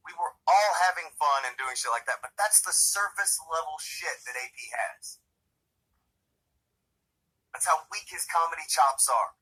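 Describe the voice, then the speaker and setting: A man venting about someone in casual stream chat, profane and irritated. His voice is husky with a sharp, bright edge. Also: fairly high pitch, moderate pace, rough recording.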